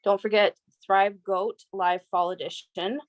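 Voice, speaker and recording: A woman's voice: medium pitch, fairly even intonation, a little slow, dry recording, low-quality recording. A woman co-hosting a casual team chat, explaining things plainly with frequent "um" and "like". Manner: explanatory, uses fillers. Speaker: co-host.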